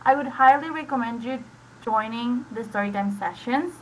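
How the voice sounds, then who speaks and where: Speaking at a moderate pace, this Spanish-accented woman with a fairly high voice casually explains her reading sessions over screen share, her talk loose and full of "like" and false starts. Spanish is her native language, and the rough recording comes from a computer mic on voice chat, faint hiss in the background.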